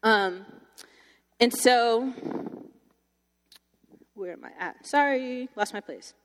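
A young woman tells her faith story to a gathering, chatty and animated, full of fillers. Her voice sits fairly high and rings out with a long reverb from the big room. It sounds like a live talk in a hall. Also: slow. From Texas. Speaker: campus ministry speaker. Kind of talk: testimony talk to a group.

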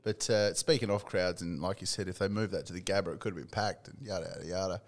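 A middle-aged man with an Australian accent talks in a laid-back, easy way, cursing freely and laughing often. His voice sits fairly low, and he chats casually about sport as a podcast co-host. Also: quick pace.

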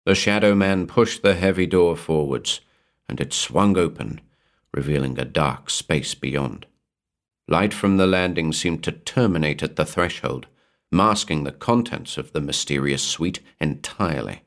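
A man reading a horror story aloud in a measured, atmospheric storytelling manner. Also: extremely low pitch. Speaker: narrator. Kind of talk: scripted horror narration.

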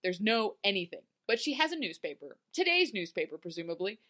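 A woman's voice: medium pitch, fairly quick. A young woman co-hosting a podcast, chatting casually and with lots of laughter as she recaps a TV episode. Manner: giggly, animated, quoting characters in mock voices. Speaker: podcast co-host.

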